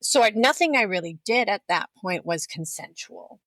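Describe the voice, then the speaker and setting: A woman's voice: medium pitch, expressive, moderate pace, fairly bright tone, no room sound. A woman guest on a podcast, candidly telling her story in a blunt, profane way and acting out other people's lines.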